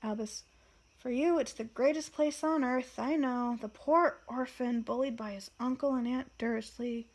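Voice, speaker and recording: A woman reads a sulky teenage boy wizard, mocking and sarcastic, his voice pitched fairly high. He jabs at his father with scornful questions. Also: unhurried, darkish tone.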